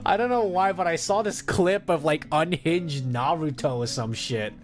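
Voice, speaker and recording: A man's voice: on the high side, normal speed, faint music behind. A man streaming as a VTuber, chatting casually with crude jokes, trash talk and frequent laughter. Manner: crude, joking, trash-talking chat, laughing often.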